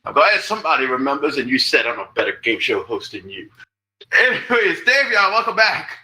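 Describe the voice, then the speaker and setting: A man's voice: fairly high pitch, sing-song, fairly quick, pushed and bright, poor audio. A man hosting a game show in a playful, teasing way. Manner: joking, teasing contestants.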